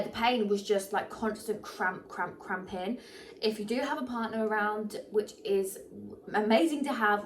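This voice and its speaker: A young pregnant woman, chatting casually to camera, animated and full of fillers, a little short of breath. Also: medium pitch, far from the mic, a little hiss or hum. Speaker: vlogger.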